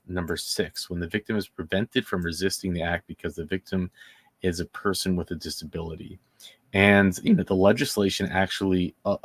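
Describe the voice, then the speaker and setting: A man with a lowish voice talks through a case as a commentary host. He sounds indignant and sarcastic, and he stumbles and restarts his sentences often. The sound is dry and close, with no room around it. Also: a bit bright, no echo. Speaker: true-crime commentary host. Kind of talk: casual commentary.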